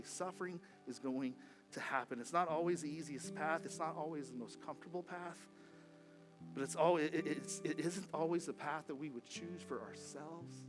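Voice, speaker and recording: A middle-aged male pastor preaching a sermon in a church, speaking conversationally, repeating key phrases and asking the congregation questions. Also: on the high side. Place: church sanctuary.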